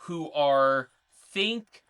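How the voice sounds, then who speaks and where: A woman's voice: sits low, animated, extremely slow, fairly bright tone, smooth. A woman co-hosting a podcast, explaining game lore in a chatty, casual way with lots of fillers. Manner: chatty, reads notes, filler-heavy. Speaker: podcast co-host.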